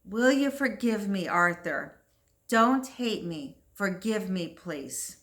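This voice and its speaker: A woman's voice: mid-range voice, animated, slow pace, fairly bright tone. A woman reading aloud the lines of a remorseful young woman from an old New England story, in an earnest, pleading way. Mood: desperate.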